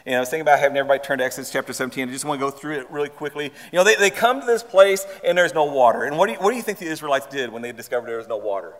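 A man's voice: medium pitch, expressive, racing, hardly any pauses, long reverb tail. A man preaching a sermon to his congregation, repeating words and firing questions at them. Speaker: pastor. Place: church sanctuary.

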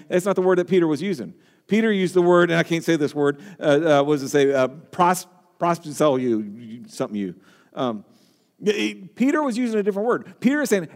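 A man preaching a sermon as pastor, animated, acting out the people in the story and dropping self-deprecating asides. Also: a little high, a little fast, long reverb tail.

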